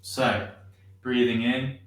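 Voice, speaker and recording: Male shiatsu teacher, slow and gentle, echoey room, distant mic. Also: mid-range voice, fairly even intonation. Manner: gentle, unhurried guiding with many ums. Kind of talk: guided movement class.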